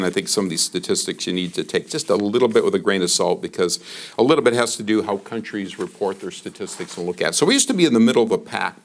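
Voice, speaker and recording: A man in his sixties giving a public lecture in a college hall, telling stories in a conversational way with fillers. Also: fairly low pitch. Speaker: guest speaker.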